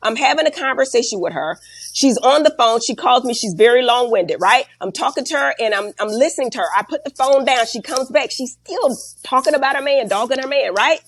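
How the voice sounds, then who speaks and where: High-voiced blunt woman, emotional. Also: a little fast, no echo. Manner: animated, blunt storytelling with slang and profanity. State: emotional, close to tears. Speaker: guest. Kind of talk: candid interview talk.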